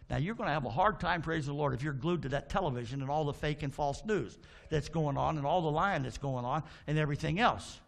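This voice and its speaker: High, gravelly-voiced preacher man. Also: a bit bright. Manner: fervent preaching with call-and-response to the congregation; folksy storytelling asides. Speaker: pastor. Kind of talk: sermon. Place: church sanctuary.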